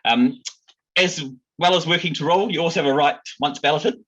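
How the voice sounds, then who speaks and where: A man's voice: a little high, brisk, a bit bright, low-quality recording. A man, a union president giving an earnest, rallying speech to members, with frequent ums. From New Zealand.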